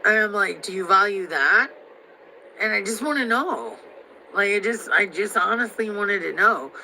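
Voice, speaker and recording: Woman, gravelly voice, bright tone, crude rambling rant, faint noise behind. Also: mid-range voice, moderate pace, low-quality recording. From Missouri. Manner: crude, heated, rambling with many fillers. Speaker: vlogger. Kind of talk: profane rant to camera.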